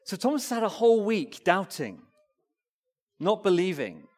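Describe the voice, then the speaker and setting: A man preaching a family-friendly sermon in a fairly high, very lively voice that swings up and down. He keeps asking the congregation questions and answering them. His voice rings with the long reverb of a church hall. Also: moderate pace.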